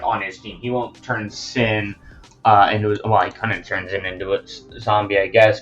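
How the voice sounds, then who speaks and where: A man's voice: on the low side, a bit bright. A young man casually narrating his own story, rambling and chatty, on a muffled lo-fi home mic. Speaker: fan storyteller.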